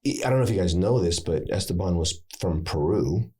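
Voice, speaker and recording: An American man in his thirties, an actor and acting coach, chatting casually in an interview and telling animated stories. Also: brisk, breathy edge. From United States. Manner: animated storyteller, swings pitch to make points.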